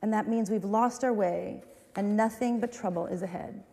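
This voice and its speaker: A woman pastor preaches a sermon in a warm, mellow, creaky voice of medium pitch at normal speed. She shifts from solemn recitation to candid, conversational asides that poke fun at herself, while a long reverb from a large church hall rings around her.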